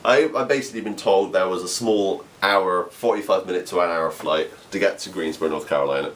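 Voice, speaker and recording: A man's voice: sits low, brisk, fairly bright tone. A young man from England with an English accent, telling an observational comedy story with frequent laughs and stammering restarts. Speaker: amateur comedian.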